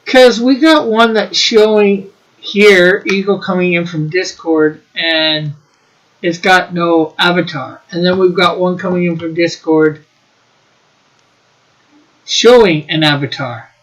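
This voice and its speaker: A man's voice: high-pitched, fairly even intonation, takes it slowly, fairly bright tone, rough recording. A man co-hosting a casual livestream, joking around and reading viewer comments aloud. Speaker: co-host reading live chat.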